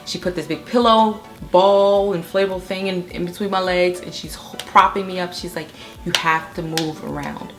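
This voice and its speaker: A young woman in her living room, telling a story in a chatty, animated way and often checking in with "okay?". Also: mid-range voice, moderate pace, few pauses, music in the background. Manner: chatty, animated retelling with frequent "okay?" asides. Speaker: vlogger. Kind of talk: storytime vlog. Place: home living room, on a couch.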